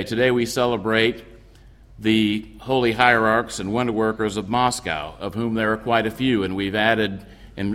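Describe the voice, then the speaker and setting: A man delivering a sermon as a priest, explaining scripture in a measured way with occasional restarts. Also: on the low side, a bit bright, long reverb tail. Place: church.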